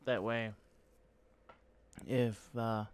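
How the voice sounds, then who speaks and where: With a medium pitch, flat delivery and drawn-out words, this man's smooth voice carries casual let's-play commentary on his gaming channel. He is chatty and rambling, and jokes at his own expense.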